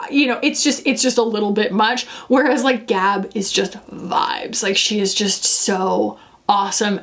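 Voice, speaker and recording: A woman's voice: on the high side, a bit bright. A woman from Florida chatting casually in a makeup vlog, playful and full of fillers and jokey asides as she reviews beauty products. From Florida, USA.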